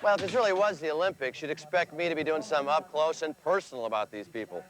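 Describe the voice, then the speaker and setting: A man hosting a festival promo with playful, wisecracking patter. His voice sits a bit high, with faint music running underneath. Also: quick pace, fairly bright tone, poor audio. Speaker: host. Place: on location at a festival.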